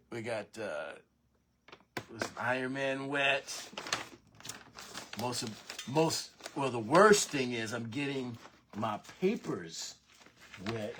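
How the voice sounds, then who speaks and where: A man hosting a casual morning sports show from his basement, rambling and correcting himself with animated asides. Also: fairly low pitch, noisy background. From Northeast Tennessee. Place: home basement.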